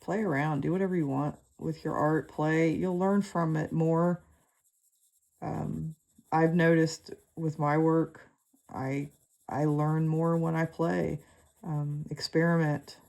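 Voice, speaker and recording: A woman with a low voice guides a relaxed draw-with-me lesson. Her tone has a gravelly fry, and she talks unhurriedly, full of fillers and half-finished thoughts. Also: takes it slowly. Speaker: art tutor.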